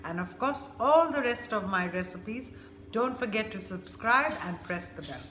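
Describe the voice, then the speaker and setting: A woman hosting a casual food vlog, unhurried and thinking aloud with many fillers. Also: medium pitch, expressive, fairly bright tone, reverberant, a little hiss or hum. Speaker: cooking vlogger.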